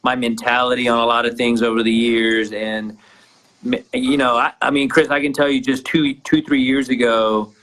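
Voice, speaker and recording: A man at a middle pitch tells a personal story in a casual, animated way. He restarts often, repeating words as he goes. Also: normal speed, low-quality recording. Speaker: guest entrepreneur.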